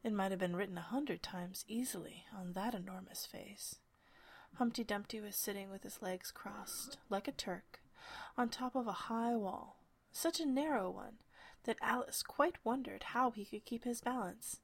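A woman narrating a storybook in a soft, hushed whispered storytelling style. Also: mid-range voice, normal speed, husky.

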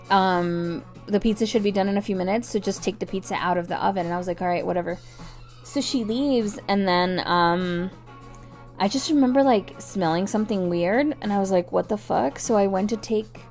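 A young woman chats straight to her viewers, telling a story in a loose, animated way. She swears freely and acts out the voices and the sounds. Faint music plays behind her. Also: mid-range voice. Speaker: vlogger.

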